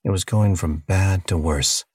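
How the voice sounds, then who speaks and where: A man reading a novel aloud as audiobook narrator, in steady, scripted storytelling delivery. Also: sits low, unhurried, breathy edge, no room sound, studio quality.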